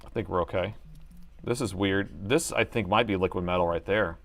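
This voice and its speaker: A man's voice: deep voice, a little fast, a bit bright. A man hosting a laptop repair livestream, chatting casually to viewers and laughing often as he works. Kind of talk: casual live repair chat.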